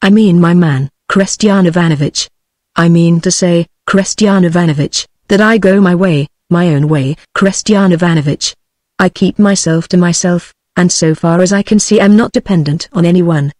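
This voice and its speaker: A synthetic woman's voice reading the lines of an awkward, stammering male government clerk in a storybook, flat and halting. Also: lowish voice, no echo, clean studio sound, lightly acted. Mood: hesitant. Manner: halting, repetitive, even synthetic delivery.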